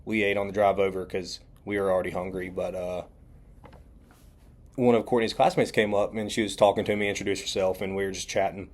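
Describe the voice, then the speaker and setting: A man's voice: low voice, flat delivery, fairly quick, a little mellow. A young man hosts a podcast alone, telling a story casually with many ums and restarts. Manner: rambling, with many ums and quoted dialogue. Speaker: podcast host.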